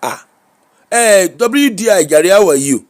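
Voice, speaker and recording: A Nigerian woman talks through celebrity gossip as the host of her own show. She is exclamatory and unscripted, throwing in Pidgin and Yoruba asides as she reacts. The delivery is a relaxed, casual commentary. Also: mid-range voice, a little slow.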